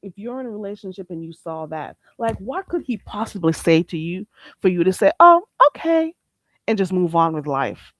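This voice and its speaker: A woman's voice: lowish voice, brisk, no room sound. A woman hosting a casual livestream chat with viewers, blunt and sassy, often calling people "baby" and asking "you hear me?". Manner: animated, swinging between loud outbursts and laughter. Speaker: livestream host.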